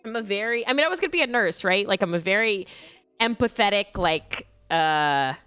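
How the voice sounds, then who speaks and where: A woman's voice: mid-range voice, lively intonation, normal speed, fairly bright tone, smooth, no echo, faint music behind. A young woman streamer casually telling a rambling, self-deprecating story about her dogs, with frequent fillers and casual swearing.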